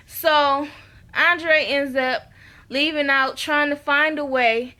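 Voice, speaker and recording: A woman with a high, bright voice, chatting casually to her viewers as she recaps a TV episode. She tells it as a lively story and speaks right to her audience. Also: takes it slowly. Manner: animated storytelling, talks straight to viewers. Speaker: TV episode reviewer.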